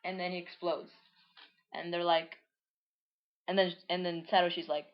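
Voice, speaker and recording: A woman with a lowish voice reads through her own childhood comic aloud, wandering into asides and restarts. Her delivery is loose and amused. The recording is dull and lo-fi. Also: flat delivery, moderate pace, pauses often. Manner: rambling, full of likes and restarts, amused. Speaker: reader.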